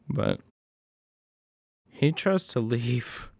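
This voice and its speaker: A man giving a casual recap of a horror movie, excitable and profane. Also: mid-range voice, extremely slow, creaky, long pauses, dry recording, clean studio sound.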